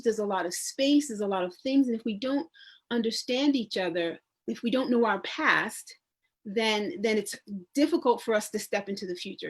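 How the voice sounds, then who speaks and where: A woman, a public historian and genealogist speaking on a community panel, talking conversationally with frequent restarts and lively storytelling. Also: mid-range voice. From New York. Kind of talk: panel discussion.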